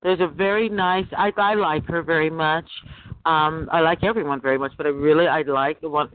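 A man with a notably high voice hosts a call-in chat, rambling from point to point and turning often to talk to his audience. His voice comes through thin and boxy, like a phone connection. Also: steady tone, a little fast, a little hiss or hum. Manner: rambling, addresses listeners directly as guys. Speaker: host. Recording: tinny phone-line sound.

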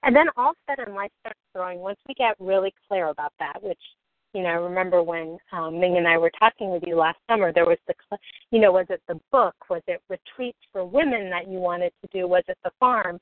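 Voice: mid-range voice, a little fast, no room sound. A podcast host musing thoughtfully about purpose and service in a conversation. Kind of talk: reflective conversation. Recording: dry phone-like audio.

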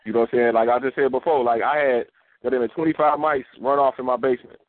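Brief: quick, slightly high man, profane storyteller, dry tinny phone-like audio. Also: dry recording. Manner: profane, animated, acts out quoted voices. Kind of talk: casual chat, storytelling.

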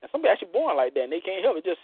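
A man's voice: high-pitched, very animated, very fast, husky, no echo. A man hosting a casual radio talk show, joking bawdily and acting out other people's voices. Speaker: show host. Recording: tinny phone-line sound, dry.

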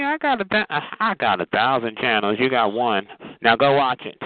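A man's voice: mid-range voice, very animated, moderate pace, noisy background. Sassy man on a tinny phone line. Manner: sassy and mocking, calls people honey and child. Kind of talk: profane phone rant.

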